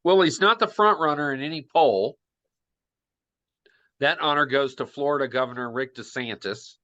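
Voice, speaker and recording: A man co-hosting a casual political chat, his voice bright and forceful. He talks with confidence and throws out bold predictions. The sound is dull and lo-fi. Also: mid-range voice, normal speed. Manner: opinionated, makes bold predictions. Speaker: podcast co-host.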